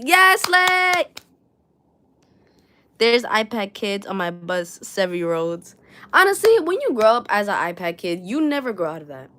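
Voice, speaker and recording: Young woman with a New York accent, a rambling, swearing livestream host, pitched a bit high. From New York City. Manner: chatty and rambling, swears, reads viewer comments aloud. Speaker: crochet livestreamer. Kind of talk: casual livestream chat. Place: her room at home.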